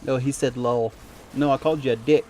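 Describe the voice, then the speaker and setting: A man's voice: mid-range voice, fairly even intonation, brisk, dark tone, a little hiss or hum. A young man chatting casually on a game stream, rambling and swearing freely as he rants. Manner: profane, rambling, heats up when ranting. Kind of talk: casual live-stream chat while gaming.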